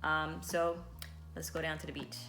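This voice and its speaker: A woman's voice: low voice, little pitch movement, normal speed, sharp tone. A woman vlogging casually about a pocket camera, chatty, with reassuring asides to her viewers, partly walking outdoors on a windy beach. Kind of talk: casual product vlog. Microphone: handheld pocket camera mic.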